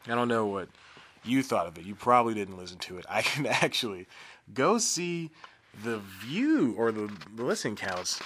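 Very animated, with a lowish, somewhat bright voice at moderate speed, a man in his twenties hosts a solo podcast with slight background noise. He chats in a rambling, self-deprecating way, laughing frequently and restarting often with plenty of asides.

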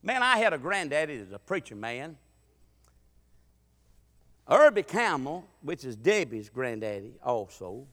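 High-voiced preacher in a hall. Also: male voice, sharp tone. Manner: folksy, emphatic, with stammering restarts. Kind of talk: sermon with storytelling.

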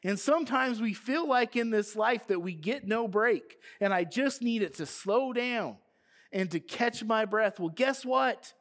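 Male pastor, sermon delivery, fairly high voice with animated pitch swings, questions to the congregation. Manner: animated preaching, reading scripture aloud, asks the congregation questions.

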